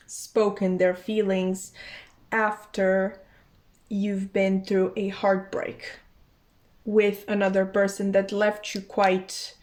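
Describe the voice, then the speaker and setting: A young adult woman chats casually through a tarot card reading, thinking out loud and frequently apologizing and starting her sentences over. Her voice is medium-pitched with a darkish tone.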